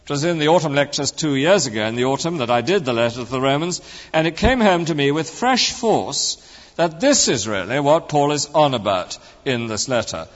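A man's voice: a little high, lively intonation, fairly quick. A man preaching a sermon in a conversational, wry way, leaning on emphasis. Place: church. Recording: muffled sermon recording in a reverberant church.

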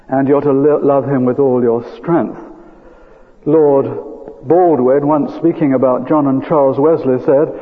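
An older man preaching a sermon, earnest and emphatic, leaning hard on key words as his feeling rises. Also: a little high. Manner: earnest, emphatic, rising with feeling, drawn-out stresses. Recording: phone-like old radio broadcast with long reverb.

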